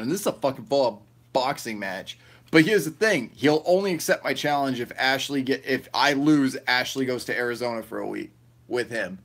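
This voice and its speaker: A man's voice: medium pitch, fairly quick. A man hosting a casual livestream, reading chat aloud and rambling loosely, often swearing and laughing.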